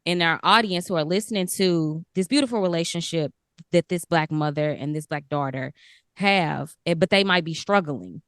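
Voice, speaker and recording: A woman co-hosting a podcast interview, expressive and emotional. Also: low voice, normal speed, smooth, dry recording, studio quality. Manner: emotional, expressive, talks through tears. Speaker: podcast co-host. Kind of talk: casual interview chat.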